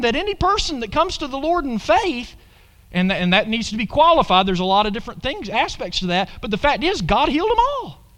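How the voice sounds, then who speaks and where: High, lively-voiced man preaching a sermon. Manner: animated preaching, asks the congregation questions and calls "Amen?".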